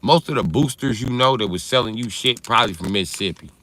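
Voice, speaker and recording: A man's voice: mid-range voice, fast, sharp tone, slight background noise. A man hosting a livestream, riffing through a loose, profane comedic rant and answering chat. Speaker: livestream host.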